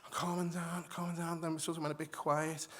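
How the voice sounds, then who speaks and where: A man telling a story on stage to a live audience, animated, acting out voices and often restarting his sentences. He has moved to Australia from elsewhere. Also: on the high side, a little fast. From migrated to Australia. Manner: animated, acts out quoted voices, frequent restarts. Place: stage in a hall before an audience.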